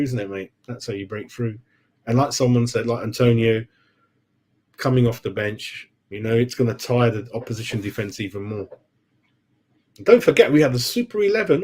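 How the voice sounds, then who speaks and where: A man's voice: medium pitch, a little mellow. A man hosting a football fan channel, chatting casually with live-stream viewers, laughing often and calling everyone mate.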